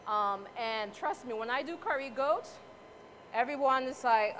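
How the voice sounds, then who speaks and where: A woman with a high voice talks her way through a live cooking demonstration, playful and motherly as she chats with the audience and judges. She is picked up by a mic at some distance, with faint noise behind her. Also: measured pace, fairly bright tone. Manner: chatty, motherly, playful asides. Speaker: cooking competitor. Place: cooking competition event space.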